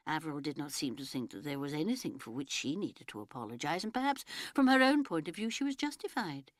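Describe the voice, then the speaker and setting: A woman reading a novel aloud as an audiobook narrator, measured and expressive. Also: deep voice, no room sound, clean studio sound.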